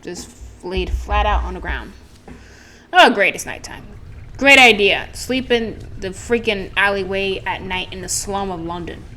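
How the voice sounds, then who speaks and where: A woman's voice: medium pitch, animated, a little slow, pushed and bright, a little hiss or hum, low-quality recording. Wry woman playing a game. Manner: casual, wry, self-deprecating. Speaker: gaming channel host. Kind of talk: let's play commentary and reading game text aloud. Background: game music.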